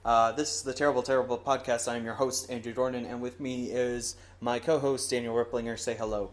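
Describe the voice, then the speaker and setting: A man's voice: medium pitch, flat delivery, fairly quick. Rambling, self-mocking young man hosting. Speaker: podcast host. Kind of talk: casual chat.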